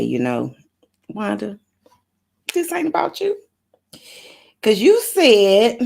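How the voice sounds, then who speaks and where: Woman, motivational live-stream host, slow and deliberate, gravelly, repeats lines like a preacher. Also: on the low side. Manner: repetitive, preacher-like call-and-response. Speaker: motivational talk show host.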